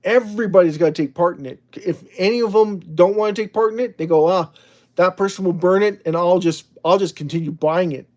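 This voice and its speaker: A man's voice: high-pitched, a little fast, darkish tone. A man hosting a casual livestream, rambling and chatty as he reads out the chat. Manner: rambling, chatty, with frequent restarts and laughs. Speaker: livestream host.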